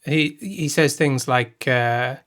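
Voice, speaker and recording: Man, podcast co-host, casual film chat, thinks aloud, middle pitch. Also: slow pace, fairly bright tone.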